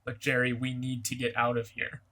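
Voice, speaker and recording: A man's voice: mid-range voice, monotone, moderate pace, sharp tone. A man playing a tabletop role-playing game, asking skeptical questions in casual chat.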